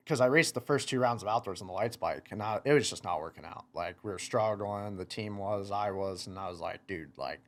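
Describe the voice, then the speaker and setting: A young man in his twenties with a slightly low voice tells a story in an easygoing podcast chat. He rambles, leans on "like" constantly and acts out what he and others said. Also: a bit bright. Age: 20s. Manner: rambling, many "like" fillers, quoting himself. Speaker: guest, motocross racer.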